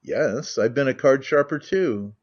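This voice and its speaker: A man's voice: medium pitch, a little slow, slightly rough. A man reading as a jaded idle nobleman. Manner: rambling, confiding, languid candor. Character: jaded cynical middle-aged nobleman, idle and talkative. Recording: muffled lo-fi audiobook recording.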